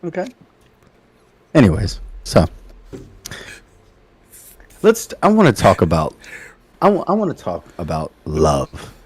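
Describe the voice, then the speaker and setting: Deep-voiced joking man. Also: huge pitch swings, slow pace, pauses often, slightly rough. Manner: joking, teasing, laughs often. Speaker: podcast co-host. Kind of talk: casual chat.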